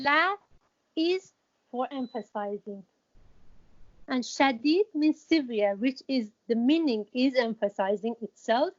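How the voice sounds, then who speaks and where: Woman, lesson delivery, halting and repetitive, somewhat high voice, muffled recording. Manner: hesitant, many restarts and fillers, repeats key words for emphasis. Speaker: Quran teacher. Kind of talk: explanatory lesson. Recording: dull lo-fi recording.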